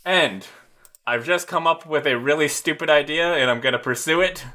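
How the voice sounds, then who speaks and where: Bright-voiced male podcast host. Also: a little high, moderate pace. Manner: jokey, rambling plugs. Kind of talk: casual chat.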